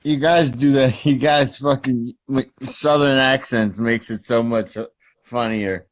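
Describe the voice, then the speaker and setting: A man's voice: mid-range voice, fairly even intonation, unhurried. A man co-hosting a casual chat who laughs a lot and reacts between stories, a bit tipsy. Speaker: co-host.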